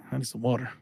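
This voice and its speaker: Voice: a little mellow, no echo. Heated, profane podcast co-host on a video call. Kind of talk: casual chat.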